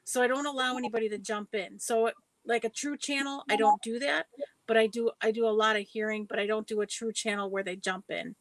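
A woman with a slightly high voice, speaking firmly and with emphasis as a guest in a casual chat. The recording is dry and close, with almost no room sound. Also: fairly even intonation, a little fast, no echo, poor audio. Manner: firm, emphatic about her own way of working. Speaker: guest psychic medium.

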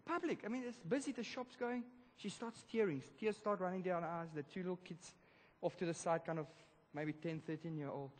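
A man preaching a sermon, telling a story in a lively, casual way with slang. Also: high-pitched, a little fast, hardly any pauses. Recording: reverberant church hall.

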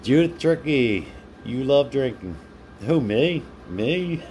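A man's voice: mid-range voice, expressive, slow pace, a little mellow, a little hiss or hum. A man hosting a casual live stream, chatting with viewers by name and laughing often while he reads their comments. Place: home.

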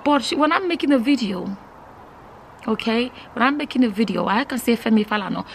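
A woman from Nigeria talking straight to camera in a casual vlog, emphatic and incredulous, often pausing with fillers. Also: fairly high pitch, expressive, vocal fry, slight background noise, poor audio. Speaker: vlogger.

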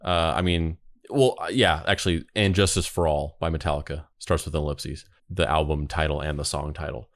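A man's voice: very deep voice, fairly even intonation, fairly quick, dry recording. A man co-hosting a podcast who talks in a loose, rambling way with many restarts. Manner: rambling, full of fillers and restarts. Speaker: podcast co-host. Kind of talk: casual chat.

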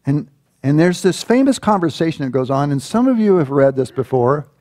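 A man preaching a sermon as a church pastor, telling a Bible story with lively acted-out voices. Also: on the high side, brisk, no echo, clean studio sound. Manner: animated storytelling, acting out quoted voices.

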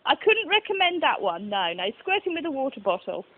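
A woman's voice: sits high, big pitch swings, brisk, no room sound. A woman answering an advice line who keeps breaking into giggles while trying to stay polite. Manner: giggly, struggling to keep a straight face. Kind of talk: phone conversation. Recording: tinny phone line.

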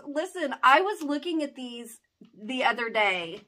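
A woman's voice: high-pitched, animated, measured pace, sharp tone. A middle-aged woman opening fan mail, gushing and exclaiming over each gift. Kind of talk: excited unboxing chat.

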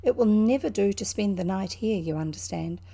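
A brave, kindly male water rat from a storybook, as a woman reader puts him on, brisk and soothing, with a New Zealand accent. His voice is mellow and husky, with a gravelly texture. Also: medium pitch. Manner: brisk and reassuring.

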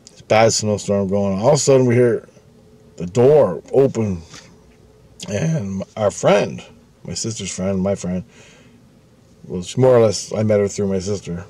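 A man's voice: on the low side, measured pace, pauses often, dark tone. A man telling a story casually, rambling, swearing often and restarting his sentences. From Canada.

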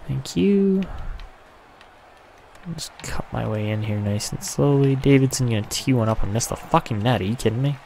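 A man's voice: mid-range voice, expressive, moderate pace, gravelly, a little mellow, a little hiss or hum. A young man giving casual, swear-filled commentary over a hockey video game, often frustrated. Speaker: gaming YouTuber.

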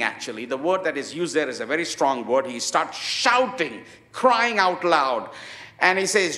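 A man's voice: on the high side, animated, pushed and bright, roomy sound. Emphatic man preaching a sermon. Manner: emphatic, with frequent pauses and fillers. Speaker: pastor.

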